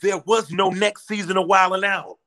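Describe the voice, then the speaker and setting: A comedian appears as a guest in a casual chat, telling a story animatedly and acting out the voices in his quotes. His voice is high-pitched and he talks at a normal speed.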